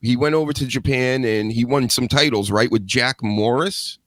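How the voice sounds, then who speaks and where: A man's voice: mid-range voice, normal speed, a bit bright, no echo, clean studio sound. A man hosting a live show, chatting loosely and joking, with casual swearing. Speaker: host.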